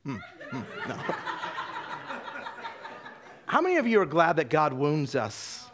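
A man's voice: fairly high pitch, wildly swooping pitch, slow, a bit bright, a little hiss or hum. A man preaching a sermon, telling personal stories and asking the congregation rhetorical questions, often repeating words as he starts a sentence.

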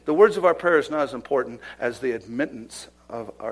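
A man preaching a fiery sermon in church, swinging between loud emphatic declarations and hushed whispers. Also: mid-range voice, animated, brisk, few pauses. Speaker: pastor. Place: church service.

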